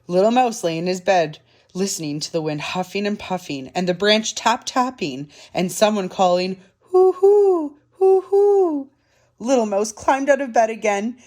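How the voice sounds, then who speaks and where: A woman reading a children's picture book aloud for a library storytime, soft and dramatic. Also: mid-range voice, moderate pace.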